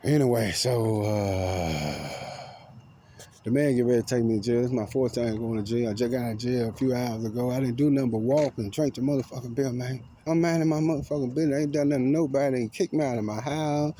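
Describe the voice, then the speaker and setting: Rambling man, dark-voiced. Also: quick pace, a little hiss or hum. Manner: rambling, profane, paranoid, swinging between loud outbursts and low mutters. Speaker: vlogger. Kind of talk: agitated personal storytelling to camera. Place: outdoors among trees.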